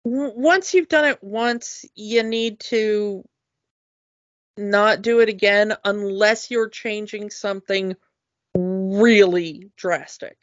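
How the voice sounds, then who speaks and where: Slow, enthusiastic woman chatting. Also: mid-range voice, fairly even intonation, dry recording. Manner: enthusiastic, halting with many fillers and restarts. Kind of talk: casual chat. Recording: dull, lo-fi dry recording.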